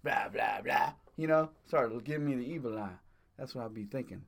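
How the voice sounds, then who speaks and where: Brief: male co-host, loose profane storyteller, mid-pitched, chuckles through his anecdotes. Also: brisk, vocal fry. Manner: profane, rambling, laughs often. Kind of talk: casual chat, rambling storytelling.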